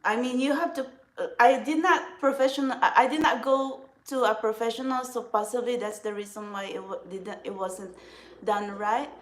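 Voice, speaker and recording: A woman's voice: fairly high pitch, steady tone, moderate pace. A woman chatting casually through a makeup vlog, rambling and giggling often as she talks. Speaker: vlogger. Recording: echoey room.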